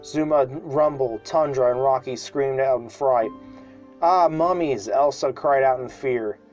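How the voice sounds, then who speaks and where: A man's voice: mid-range voice, steady tone, a little slow, soft background music, poor audio. A man reading a children's story aloud for a podcast, in an unpolished home style with small restarts. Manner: unpolished home reading with restarts and loud shouted cries for characters.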